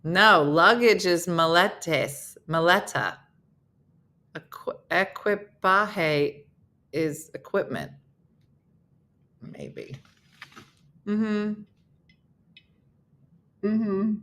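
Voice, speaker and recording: Animated, bright-voiced Jersey woman. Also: fairly low pitch, extremely slow, long pauses. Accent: New Jersey. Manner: chatty, self-mocking, reads out viewer comments. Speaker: comedian hosting a live morning show. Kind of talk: casual chat with live viewers.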